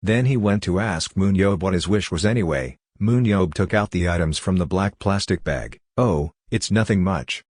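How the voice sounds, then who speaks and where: Man, recap narrator, scripted storytelling, steady read, deep voice, dry sound. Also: normal speed, hardly any pauses, no room sound.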